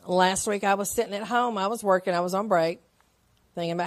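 Woman Sunday school teacher, mid-range voice, chatty storytelling between slow, deliberate scripture readings. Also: mid-range voice. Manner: chatty, with personal stories and frequent laughs; reads scripture slowly and deliberately.

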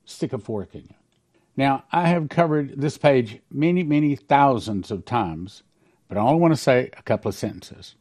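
A man's voice: medium pitch, expressive, moderate pace, a little mellow. A man hosting a talk show, reading prophecies aloud and commenting on them in an emphatic, preachy way. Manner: emphatic, preachy, stresses key numbers.

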